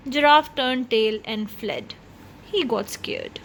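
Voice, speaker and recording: Lady reading a kids' story aloud, expressive, kinda high voice. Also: takes it slowly, a little hiss or hum. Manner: expressive, shifting pace. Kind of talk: children's story read-aloud.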